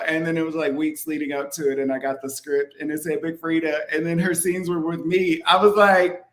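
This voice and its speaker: Animated, laughing guest full of fillers. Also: male voice, fairly high pitch, a little fast, few pauses. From not from New Orleans. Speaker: actor guest. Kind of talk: casual interview chat.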